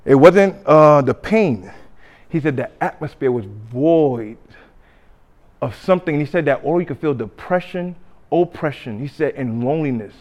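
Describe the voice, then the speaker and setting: Man, sermon storytelling, slightly high voice, animated, loud to hushed. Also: moderate pace. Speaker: pastor.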